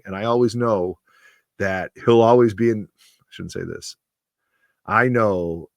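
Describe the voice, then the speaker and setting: A man in his forties with a lowish voice talks straight into a dry, close mic. He hosts a comic book channel and gives a heartfelt tribute that rambles and runs with emotion. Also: no echo.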